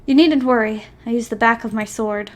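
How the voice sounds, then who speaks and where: Woman reading a stern male swordsman, clipped, flat, cold, fairly high voice. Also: brisk, close to an everyday voice.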